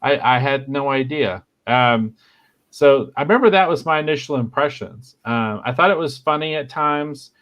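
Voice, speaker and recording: Halting, filler-heavy male podcast host. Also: medium pitch, fairly bright tone, dull audio. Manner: halting, many fillers and restarts. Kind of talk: casual chat.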